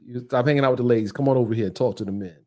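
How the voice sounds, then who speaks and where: A middle-aged man hosting a livestream, ranting in a mocking, animated way with frequent laughter and repeated phrases. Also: medium pitch, racing. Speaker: livestream host. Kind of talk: casual livestream rant.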